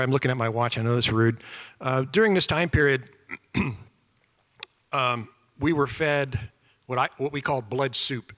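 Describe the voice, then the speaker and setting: A middle-aged man telling his story to an audience, animated and self-deprecating, acting out shouted quotes. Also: medium pitch. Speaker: former POW giving a talk. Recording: reverberant hall.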